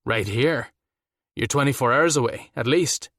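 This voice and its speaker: A man's voice: medium pitch, a little slow, fairly bright tone, no room sound, studio quality, pitched above the performer's own voice. Man doing a frantic, shaky husband. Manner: shaky, breathless pleading.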